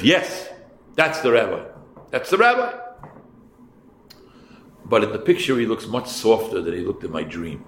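Creaky-voiced man teaching Torah. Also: on the low side. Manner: unhurried, repeats phrases, asides to listeners. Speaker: rabbi teaching a class. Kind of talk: storytelling Torah lesson. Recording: echoey room, faint background noise.

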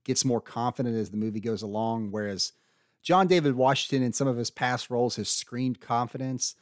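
A man's voice: mid-range voice, steady tone, brisk, no echo. Earnest man arguing, dry sound. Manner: earnest, builds arguments with restarts. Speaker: podcast co-host arguing casting picks. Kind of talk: casual debate chat.

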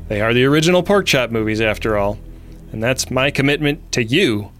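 Male podcast host, wry and joking, mid-pitched, faint music behind. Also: a little fast, a bit bright. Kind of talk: casual podcast chat.

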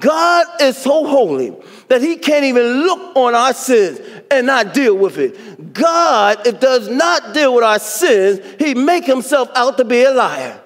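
Man preaching, very high voice, shouting and whooping, church sanctuary with long echo. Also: sing-song, unhurried. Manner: whooping, shouting praise with rising fervor.

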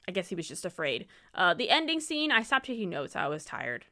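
Lively, bright-voiced laughing woman. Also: lowish voice, brisk. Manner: animated, laughs often, exasperated. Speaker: podcast co-host. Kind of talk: casual chat.

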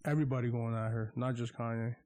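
A man's voice: mid-range voice, fairly even intonation, quick pace, warm tone. A man co-hosting a casual podcast, speaking in a laid-back, slangy way. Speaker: podcast co-host. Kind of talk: casual chat.

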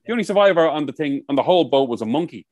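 A man's voice: fairly high pitch, expressive, rapid-fire, dull audio, crowd noise. Rambling, swearing man telling stories. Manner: rambling storyteller, swears a lot. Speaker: podcast co-host. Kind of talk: casual chat. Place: outdoors by the coast.

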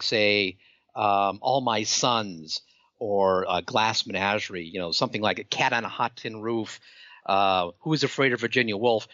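Male podcast co-host, casual chat, halting and repetitive delivery, dull dry lo-fi sound. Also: medium pitch, pushed and bright, no room sound. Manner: hesitant, repeats words while thinking.

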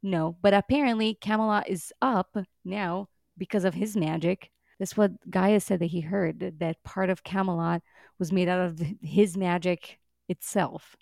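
A woman co-hosting a podcast in casual chat, animated and exasperated, swearing now and then and laughing as she talks. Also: lowish voice, normal speed, gravelly, dry recording, studio quality. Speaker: podcast co-host.

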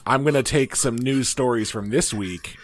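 Deadpan joking man co-host. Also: mid-range voice, normal speed, slight background noise. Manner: deadpan joking, hesitant fillers. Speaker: podcast co-host. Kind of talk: casual chat.

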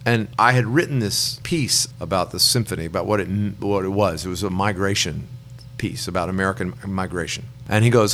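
A man's voice: deep voice, brisk, fairly bright tone, slight background noise. A middle-aged man, a songwriter guest, telling long rambling anecdotes and acting out the people he quotes. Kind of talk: relaxed storytelling in an interview.

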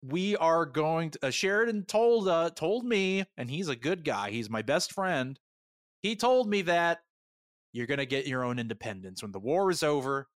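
A podcast co-host with a fairly high, lively voice and moderate pace recaps a TV episode in studio-quality sound with no room noise. He chats casually and animatedly, laughing often and swearing now and then.

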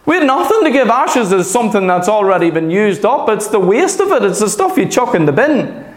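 A man's voice: high-pitched, big pitch swings, fairly quick. A man preaching a sermon, earnest and emphatic, repeating his points and asking "Okay?" and "Amen?". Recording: echoey room.

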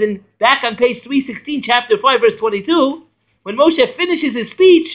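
A man, a rabbi, teaching a Torah class in a lively way, quizzing and joking with his students. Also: very high voice, normal speed, lo-fi sound.

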